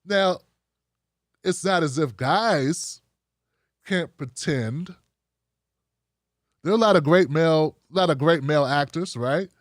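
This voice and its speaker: A man's voice: on the high side, takes it slowly, long pauses, no room sound, studio quality. A man hosting a livestream, giving frank, rambling commentary straight to his viewers. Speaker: show host.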